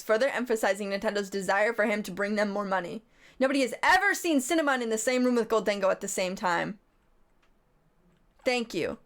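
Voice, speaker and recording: A woman on a livestream reads slides aloud and riffs on them, talking in a playful, rambling way. Her voice sits a little on the high side. She keeps sliding into goofy asides. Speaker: streamer. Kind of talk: comedic livestream commentary reading slides.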